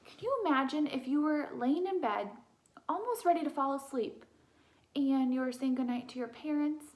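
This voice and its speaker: Young female teacher with a high voice, reading a picture book aloud to children, gentle and lively. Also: normal speed. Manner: gentle, animated, asks children questions.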